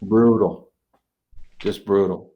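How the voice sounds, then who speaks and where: A man's voice: on the low side, slow pace, dull audio. A man, a street magician, telling a story in a casual interview, acting out the other people's lines as he goes. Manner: animated storyteller acting out dialogue.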